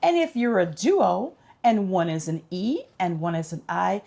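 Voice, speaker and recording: Chatty woman with a gravelly, lively voice. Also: fairly low pitch, measured pace. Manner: upbeat, chatty, instructive. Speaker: vlogger. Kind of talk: casual tips chat.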